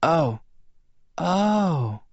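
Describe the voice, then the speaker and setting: A man voicing a weak young pregnant woman who speaks in a breathy, rasping whisper and makes brave jokes. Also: on the high side, sing-song, extremely slow, darkish tone, no echo, lo-fi sound, voice pushed up, full character voice.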